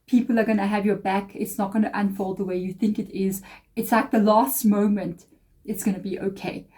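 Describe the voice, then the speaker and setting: A woman's voice: medium pitch, fairly even intonation, fairly quick, mellow. A woman giving a tarot reading to camera, reassuring and emphatic, sometimes acting out people's reactions. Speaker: tarot reader.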